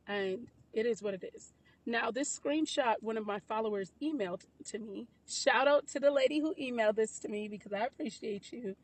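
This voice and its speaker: A woman's voice: fairly high pitch, normal speed, husky. Woman creator, casual gossip chat, chatty and informal, laughs in disbelief. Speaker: social media commentator. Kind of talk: casual gossip commentary to followers.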